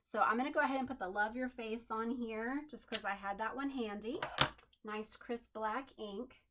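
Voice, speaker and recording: A woman's voice: on the high side, normal speed, heavy background noise. A woman hosting a home craft tutorial, chatting in an upbeat way and thinking aloud as she works at her desk. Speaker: crafting channel host.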